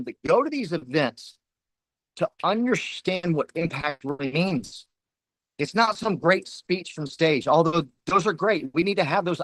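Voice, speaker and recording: A man's voice: on the high side, a bit bright, no room sound. A man giving a fiery, preachy motivational pep talk to his team, hammering points with repetition. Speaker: team leader speaking at a company huddle.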